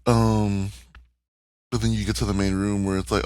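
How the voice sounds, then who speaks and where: In a lowish, smooth, slightly mellow voice, this man talks at a moderate pace with flat delivery. Co-hosting a podcast, he chats casually about a cartoon, candid, emotional, and quick to swear.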